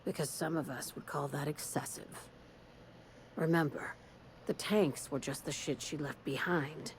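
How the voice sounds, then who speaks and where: A woman's voice: low-pitched, fairly even intonation, a little slow, slight background noise. A woman voicing a cynical corporate woman who hires an assassin in a video game, blunt and sardonic.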